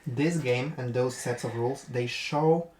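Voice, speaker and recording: Male commentator, casual post-game chat, mid-pitched and halting, roomy recording. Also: darkish tone. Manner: thoughtful, hesitant with fillers, breaks into laughter.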